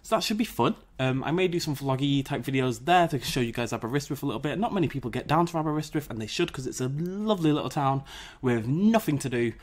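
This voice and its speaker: A man's voice: mid-range voice, expressive, fast. A British man hosting a gaming channel, chatting casually to camera in a jokey, self-mocking way, recorded on a dedicated mic. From Britain. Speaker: YouTube gaming channel host. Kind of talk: casual vlog chat to camera.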